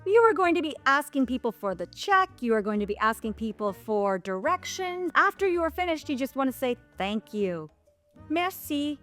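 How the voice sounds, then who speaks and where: A woman's voice: big pitch swings, moderate pace, fairly bright tone, soft background music. A middle-aged woman from Canada, teaching travel phrases in a playful, casual chat. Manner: playful, raises pitch when speaking French. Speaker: travel vlogger.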